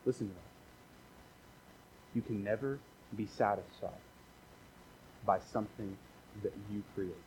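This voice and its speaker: A man's voice: fairly low pitch, unhurried, pauses often, darkish tone, slight background noise, low-quality recording. A man preaching a casual, conversational sermon as a pastor, repeating phrases for emphasis and dropping joking asides.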